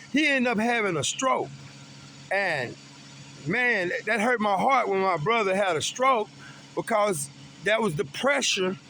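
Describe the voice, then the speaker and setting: Man, high voice, bright tone, earnest, faint road hum. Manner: earnest, emphatic, swearing. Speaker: vlogger. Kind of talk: personal talk about grief.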